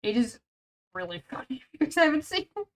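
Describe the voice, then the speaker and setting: Streaming casually while drawing commissions, a woman rambles to chat, constantly saying "bro" and "man" and reacting with quick laughs and exaggerated outbursts. Her voice is high with big pitch swings, and the audio is poor.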